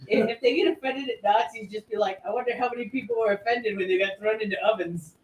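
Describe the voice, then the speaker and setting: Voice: mid-range voice, quick pace. Joking player on a distant, roomy mic. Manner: joking, laughs often. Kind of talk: casual banter at a game.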